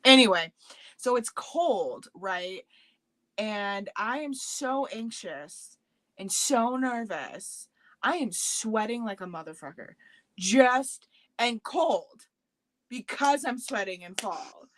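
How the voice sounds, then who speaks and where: This is a young woman co-hosting a casual podcast, and her voice sits a little high. She is an animated storyteller who curses casually and acts out her own frightened squeals. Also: slow, no room sound. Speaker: podcast co-host. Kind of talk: casual chat.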